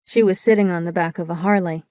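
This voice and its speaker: A woman reading a first-person audiobook in a measured, descriptive storytelling manner, recorded on a close studio microphone. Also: on the low side, fairly even intonation, darkish tone, no echo. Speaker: audiobook narrator.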